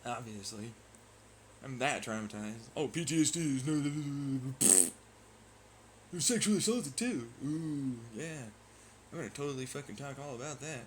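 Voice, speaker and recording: A man's voice: mid-range voice, normal speed, slight background noise, poor audio. A man vlogging in a profane, sarcastic and taunting rant. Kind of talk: ranting monologue.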